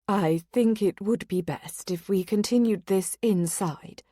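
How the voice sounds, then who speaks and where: A woman reading a stern, dignified noble mother in a measured, firm voice in an audiobook. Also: medium pitch, dark tone, dry recording, clean studio sound, natural voice.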